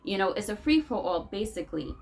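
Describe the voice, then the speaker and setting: A woman's voice: mid-range voice, big pitch swings, a little fast, a little mellow, low-quality recording. A woman from the United States venting to camera in a rambling, conversational monologue as a vlogger.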